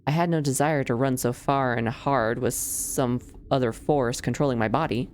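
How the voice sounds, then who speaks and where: A sardonic young villainess from a visual novel, as a woman reads her lines. Her voice is very deep and dry, and her phrasing is wry and formal. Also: moderate pace, darkish tone, slight background noise.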